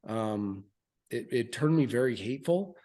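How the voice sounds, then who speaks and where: A military veteran in his thirties tells stories candidly as a podcast guest. His medium-pitched voice is mellow and expressive, a little slow. He comes across frank and earnest, with loose fillers and restarts.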